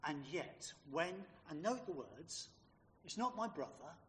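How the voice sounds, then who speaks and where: A man's voice: fairly high pitch, big pitch swings, a little slow, long reverb tail, a little hiss or hum. A man preaching a sermon, emphatic and fond of rhetorical questions put to his listeners.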